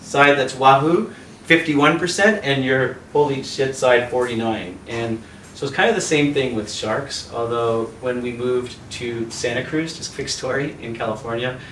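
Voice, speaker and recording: A man's voice: mid-range voice, normal speed, echoey room, far from the mic, a little hiss or hum, low-quality recording. A man from Canada, a yoga teacher hosting a video call, telling a casual story with laughter and acted-out voices. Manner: animated storyteller acting out voices, laughing often.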